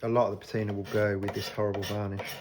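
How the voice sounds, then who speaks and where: A man's voice: fairly low pitch, racing. A man talking casually as he restores old hand planes, explaining each step while he works in his workshop. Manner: relaxed, explains while working with hand tools. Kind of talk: casual workshop talk to camera. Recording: workshop with clear scraping and rasping noise behind.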